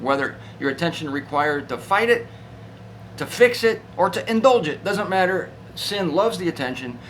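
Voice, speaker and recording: Male Bible teacher, slightly high voice, animated and casual, faint background hiss. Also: low-quality recording. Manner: animated and conversational, acting out voices. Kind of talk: informal Bible teaching talk.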